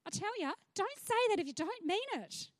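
An Australian pastor with a very high voice preaches a sermon from a church stage, very animated and at normal speed. The sound is dry and close, with no room echo, and she talks in a chatty, frank manner, breaking off for asides.

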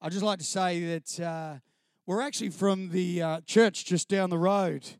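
A man voicing a mild, earnest church band singer who speaks haltingly with lots of ums. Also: high voice, fairly even intonation, smooth, no room sound, studio quality, voice pushed down.

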